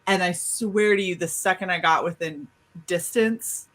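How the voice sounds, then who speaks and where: A woman on a panel show, telling a personal story in casual chat, animated and cursing freely. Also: fairly low pitch, normal speed, rough recording. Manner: animated, swearing, laughing storyteller. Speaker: podcast panelist.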